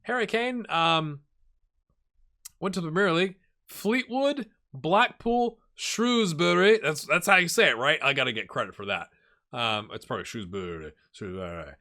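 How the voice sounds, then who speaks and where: Lively, bright-voiced man musing over game stats. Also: a little high, moderate pace. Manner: chatty, thinks aloud, reacts with surprise. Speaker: gaming YouTuber. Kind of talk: casual video game commentary.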